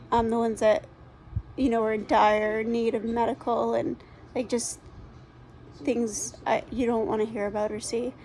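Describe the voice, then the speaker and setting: A woman's voice: on the high side, darkish tone. Congested woman rambling through a rescue update. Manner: rambling, many ums and restarts. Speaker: dog rescue organizer. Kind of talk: casual spoken update to followers.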